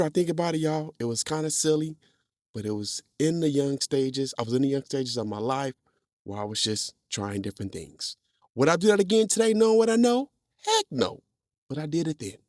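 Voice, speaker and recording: Animated storytelling man, lively pitch. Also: no room sound, clean studio sound. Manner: animated, laughs often, repeats words, acts out quotes. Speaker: podcast host. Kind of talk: casual storytelling monologue.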